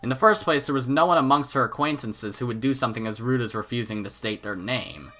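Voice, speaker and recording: A man reading a visual novel aloud in an expressive, animated way. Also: medium pitch, quick pace, faint music behind. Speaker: let's play narrator.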